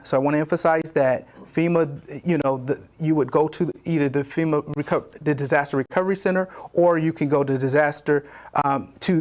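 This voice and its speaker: A man from a disaster loan agency, his voice a little high, gives an informational briefing. He explains points with frequent fillers and restarts, repeating whatever he wants to emphasize.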